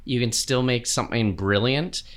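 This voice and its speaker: A middle-aged man, a TV director, answering interview questions in a reflective, measured way with frequent fillers. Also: mid-range voice, fairly bright tone. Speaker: TV director, guest.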